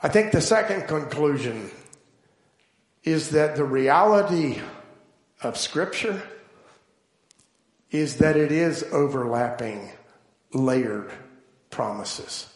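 A man preaching a sermon, telling stories slowly and deliberately and building to emphatic points. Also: on the high side, animated, reverberant. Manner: slow, deliberate storytelling with emphatic build-ups.

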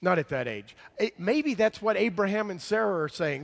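Man preaching, emphatic, fairly high voice, long reverb of a large hall. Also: expressive, moderate pace, creaky, few pauses. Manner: emphatic, swings between loud and hushed. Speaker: pastor. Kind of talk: sermon.

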